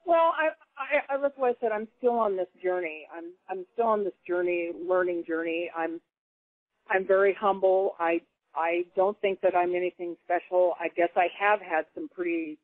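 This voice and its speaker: A woman from the Pacific Northwest, telling stories in casual chat as a caller, animated and laughing often. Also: on the low side, dry recording. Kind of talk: casual storytelling. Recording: tinny phone line, dry.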